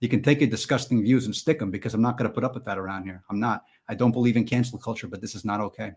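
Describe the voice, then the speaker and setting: A man hosting a live stream and chatting with viewers in a goofy, rambling way, jumping from loud mock-indignant bursts to mumbled asides. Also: lowish voice, rapid-fire, slightly rough. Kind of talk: joking live chat with viewers.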